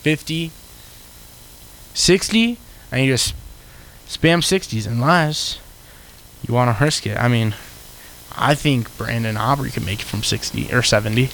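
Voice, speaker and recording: A man's voice: medium pitch, measured pace, long pauses, fairly bright tone, low-quality recording. A man co-hosting a casual sports podcast, talking in a laid-back, rambling way. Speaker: podcast co-host.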